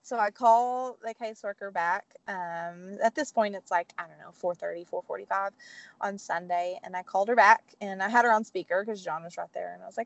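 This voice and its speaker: A woman's voice: fairly quick, no room sound. Emotional woman retelling a phone call. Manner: animated, acts out quoted voices with big pitch jumps; emotional, teary. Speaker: podcast guest. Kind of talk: casual storytelling.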